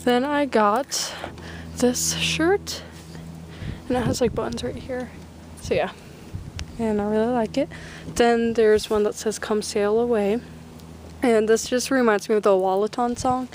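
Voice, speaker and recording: Bubbly teen girl, high voice. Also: unhurried, pauses often, slight background noise. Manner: bubbly, excitable, full of "like" and "oh my gosh". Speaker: vlogger showing a thrift haul. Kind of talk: casual haul video chat.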